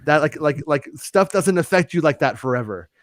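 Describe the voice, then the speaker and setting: A man's voice: on the high side, lively intonation, moderate pace, no echo, clean studio sound. A man chatting casually on a podcast, telling stories in a rambling way with many restarts and fillers. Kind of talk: casual chat.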